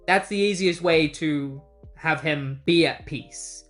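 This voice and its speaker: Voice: medium pitch, slow, a bit bright, soft background music. A comic book reviewer recapping an issue in a casual, chatty way with incredulous asides.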